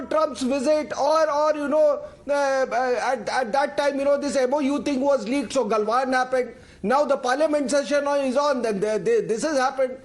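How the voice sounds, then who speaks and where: An older man with an Indian English accent, a retired army officer arguing insistently on a TV news debate, repeating words and talking over others. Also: very high-pitched. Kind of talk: heated TV debate.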